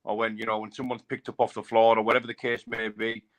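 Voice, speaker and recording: A man's voice: lowish voice, little pitch movement, quick pace, fairly bright tone. A man, a bare-knuckle fighter, chatting casually and rambling, repeating himself and saying mate a lot. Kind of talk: casual live chat.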